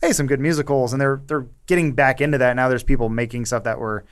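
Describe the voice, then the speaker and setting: A man's voice: medium pitch, fairly even intonation, fast, clean tone. A man co-hosting a movie podcast in casual chat, rambling and repeating himself, half-joking. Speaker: podcast co-host.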